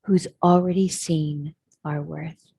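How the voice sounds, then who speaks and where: A woman's voice: low-pitched, fairly even intonation, takes it slowly, vocal fry, mellow, breathy edge, no echo. A woman telling a parable in a sermon, speaking earnestly and reflectively. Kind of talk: sermon storytelling.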